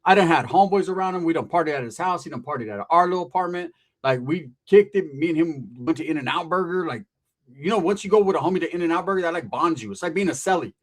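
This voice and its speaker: A man's voice: on the high side, quick pace. A middle-aged man casually telling a story from his past, full of profane street slang and quoted dialogue. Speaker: podcast guest telling a story.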